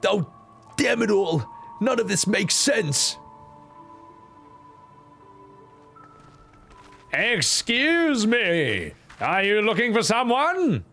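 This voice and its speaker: A man's voice: high-pitched, wildly swooping pitch, slow pace, pushed and bright, faint music behind, voice pushed up, exaggerated voice. Man doing an earnest, flustered game heroine. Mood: frustrated.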